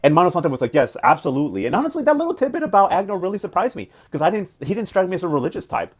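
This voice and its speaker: A man's voice: high voice, very animated. A young man giving a sassy, slangy recap of a soap opera, acting out the characters' lines as he goes. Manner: sassy, slangy, quick retelling with put-on quotes. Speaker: recap vlogger. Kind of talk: casual recap commentary.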